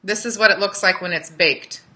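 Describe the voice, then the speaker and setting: A woman's voice: mid-range voice, normal speed, bright, forceful tone, echoey room, rough recording. A woman hosting a casual live cooking demo, chatting with viewers as she cooks in a home kitchen. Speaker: cooking show host.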